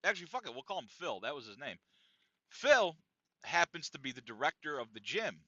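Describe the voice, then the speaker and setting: A man's voice: on the high side, a little fast, no room sound. A man hosting a podcast, telling a story casually with lots of profanity and laughter, on a dull, lo-fi, dry recording. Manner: animated, profane, laughing often. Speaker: podcast host.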